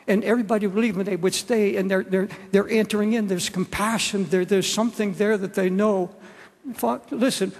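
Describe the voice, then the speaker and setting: An older man delivers an earnest sermon in a large church, his voice high for a man and gravelly. He halts and restarts often, and the sound carries a long hall reverb. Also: darkish tone. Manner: earnest, halting with repeated restarts. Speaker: pastor.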